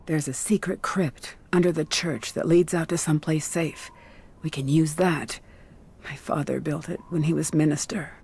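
An anxious minister's daughter. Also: female voice, deep voice, steady tone, moderate pace, gravelly, a little mellow, slightly rough, exaggerated voice. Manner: urgent, anxious. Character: frightened young woman, minister's daughter. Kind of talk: video game voice acting.

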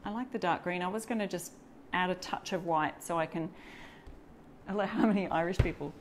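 This is an Australian woman with a slightly low voice, walking viewers through a craft project live. She chats easily and reads out viewer comments as she goes. A faint background hum sits under her voice. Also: brisk. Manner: chatty, greets and reads out viewer comments while working. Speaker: DIY crafter hosting a live stencil demo. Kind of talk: casual live tutorial.

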